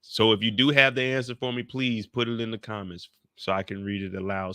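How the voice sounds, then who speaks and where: A man's voice: fairly low pitch, level tone, a little fast, hardly any pauses, bright, forceful tone, dry recording. A man hosting a TV recap channel, talking casually and slangily, joking and addressing his viewers directly. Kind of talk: casual, animated video commentary.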